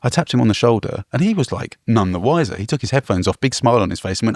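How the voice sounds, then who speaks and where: A man's voice: medium pitch, animated, fast talker, hardly any pauses, a little mellow, no echo, studio quality. A man co-hosting a travel podcast, telling a story animatedly and laughing often. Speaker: podcast co-host. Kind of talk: casual chat.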